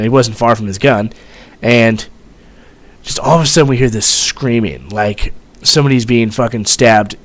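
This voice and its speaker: A young man, a former Marine, telling a story in a rambling, profane way, full of fillers. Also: mid-range voice. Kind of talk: casual storytelling vlog.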